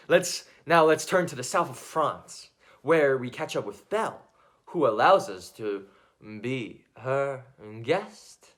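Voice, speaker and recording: A man's voice: medium pitch, expressive, slow. A man playing an awkward, hesitant reporter in a comedy news sketch. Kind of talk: mock news interview.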